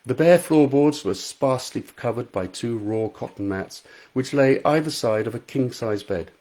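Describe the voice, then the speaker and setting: A man's voice: medium pitch, moderate pace, warm tone. A male author reading his own novel aloud in a live stream from his front room, chatting and laughing easily between passages.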